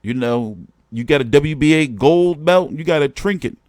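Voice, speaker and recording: A man's voice: on the high side, lively intonation, moderate pace, darkish tone, dry recording. A man hosting a boxing show, talking in a rambling, profane, slangy way while he complains during a casual live stream. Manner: slangy street talk.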